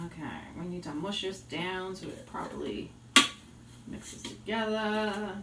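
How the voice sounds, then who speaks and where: A woman's voice: on the low side, a little slow, recorded from a distance. A woman with a slight Boston accent chatting casually to viewers while cooking at home, giggly and talkative. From Boston area. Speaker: vlogger and yoga teacher. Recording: roomy and off-mic with faint noise.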